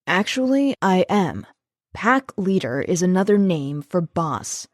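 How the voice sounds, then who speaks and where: Cool, bossy werewolf pack leader, low and curt, dry audiobook read, done by a woman. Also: big pitch swings, slow, no room sound, exaggerated voice. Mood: stern. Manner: cool, commanding. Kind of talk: audiobook character voice.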